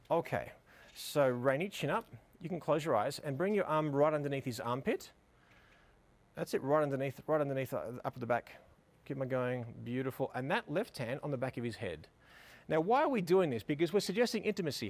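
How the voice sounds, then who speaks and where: A middle-aged man teaching photography outdoors beside a building, directing a couple with upbeat, coaxing praise. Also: a little high. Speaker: photography instructor. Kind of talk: on-location teaching, directing models.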